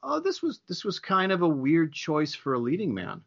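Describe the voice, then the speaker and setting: A man who is a guest on a casual podcast, speaking haltingly as he searches for his words. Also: a little high, wildly swooping pitch, vocal fry. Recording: dull lo-fi podcast audio.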